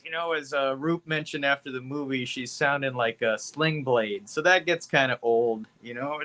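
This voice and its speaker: A man with a bright, forceful voice talks through a movie review as a podcast co-host. His delivery is loose and meandering, peppered with "you know" and easy profanity. He keeps an unhurried, casual tone. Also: medium pitch. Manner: rambling, laid-back, profane, heavy with "you know".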